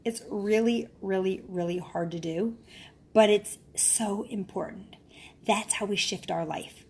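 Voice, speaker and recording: Woman, casual live-video talk, chatty mom voice, mid-range pitch, earnest and encouraging. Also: measured pace, a little mellow, a little hiss or hum. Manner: chatty, ends phrases with a questioning "right?". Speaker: mother and wellness speaker.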